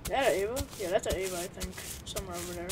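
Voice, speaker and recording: A woman giving casual gameplay commentary as a gaming channel host, excitable and slangy, shouting and laughing as the action unfolds. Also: lowish voice, racing, background noise. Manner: slangy, calls others bro.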